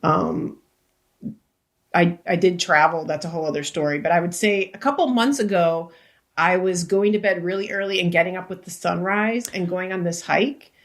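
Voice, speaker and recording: Lowish voiced woman on a podcast, rambly stories, starts over a lot, swears casually. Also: moderate pace. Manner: rambling storytelling with many restarts and swearing. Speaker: guest, actor and comedian.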